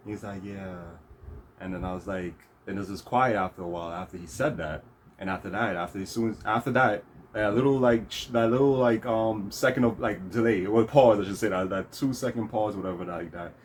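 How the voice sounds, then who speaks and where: A man's voice: lowish voice, a little fast, slight background noise. A man hosting his own vlog, telling a story in a rambling casual way with lots of fillers and restarts. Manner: rambling, many fillers and restarts, laughs often. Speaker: vlog host.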